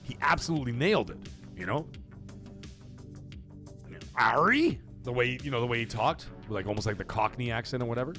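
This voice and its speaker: A man's voice: mid-range voice, racing, fairly bright tone, soft background music. A man hosting a livestream, chatting casually and profanely in a rambling way while reading chat messages. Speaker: livestream host.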